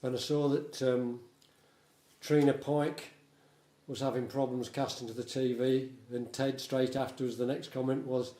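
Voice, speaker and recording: A man's voice: medium pitch, little pitch movement, a little slow, mellow. An older man, a folk musician, chatting casually in a rambling, self-mocking way at a home concert. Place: home lounge. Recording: roomy, away from the mic.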